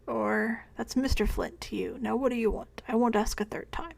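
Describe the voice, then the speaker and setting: A woman voicing a gruff, suspicious, proud older man who speaks curtly and haughtily. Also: fairly high pitch, steady tone, normal speed. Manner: curt and haughty.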